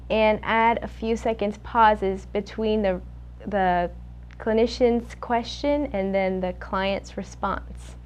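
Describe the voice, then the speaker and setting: A young woman acting as a student speech clinician. She demonstrates a therapy session, coaching patiently and praising each try. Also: medium pitch. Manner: patient, coaching, gives quick bright praise.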